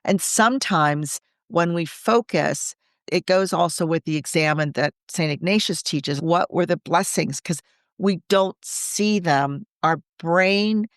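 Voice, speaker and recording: An earnest woman coaching in a relaxed podcast chat, thinking out loud through lists and questions. Her voice is smooth and resonant, recorded close and dry with no room sound. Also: on the low side, a little slow, no room sound. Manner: earnest, reflective, speaks in lists and rhetorical questions. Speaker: Catholic coach and podcast co-host.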